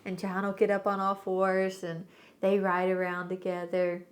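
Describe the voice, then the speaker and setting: A woman hosting a family vlog as the mother, chatty and lively as she tells stories about her toddler. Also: on the low side, moderate pace. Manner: chatty, animated, acts out her toddler's cute words. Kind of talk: casual family vlog storytelling.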